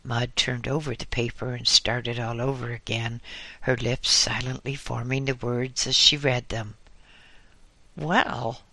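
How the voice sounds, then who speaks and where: A man narrating a humorous story in a deliberate, wry reading. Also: medium pitch, flat delivery, bright, forceful tone, dry recording.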